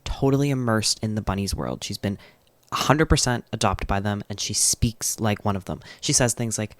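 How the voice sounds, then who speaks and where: A man recaps a novel for his book channel in a relaxed, chatty way, sprinkling in "like" as he goes. His voice sits a little low. The recording is dry and close, with no room sound. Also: normal speed, dry recording. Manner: chatty, frequent "like" fillers, enthusiastic. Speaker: book vlogger. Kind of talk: casual book summary and review.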